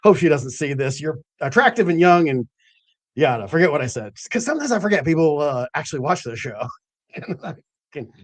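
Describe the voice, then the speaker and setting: A man's voice: a little high, sing-song, a little fast, no room sound. A man hosting a late-night cannabis show, telling stories in a loose, rambling way with lots of fillers and the odd swear word. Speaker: host of a cannabis growing show.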